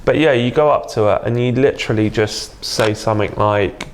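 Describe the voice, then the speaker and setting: Male guest, low-ish voice, easygoing and earnest, chatty interview. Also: normal speed, few pauses. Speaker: dating coach guest. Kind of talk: casual interview.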